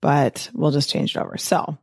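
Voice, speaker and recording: A middle-aged woman hosting her own podcast, talking in a chatty, upbeat way with quick asides and frequent laughs. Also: low-pitched, flat delivery, creaky, husky, dry recording, studio quality. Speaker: podcast host, physician and weight-loss coach. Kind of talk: casual solo podcast talk.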